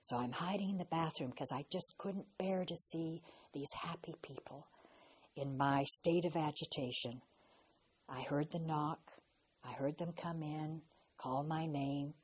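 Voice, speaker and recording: Husky low-voiced older woman reminiscing. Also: low-quality recording. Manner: slow, reflective, with pauses and restarts. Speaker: storyteller recalling her past. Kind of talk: personal recollection.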